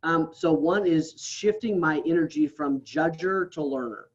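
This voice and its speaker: A man's voice: on the high side, measured pace, lo-fi sound. A man as a podcast guest, talking earnestly and casually and often ending his thoughts with "right?". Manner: earnest, tags many lines with "right?". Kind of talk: casual interview talk.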